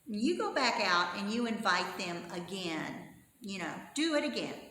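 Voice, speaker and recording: A woman's voice: medium pitch, big pitch swings, measured pace, sharp tone. A woman voicing a commanding storybook king. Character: commanding old-time king, man, proud. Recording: echoey church hall, faint hum.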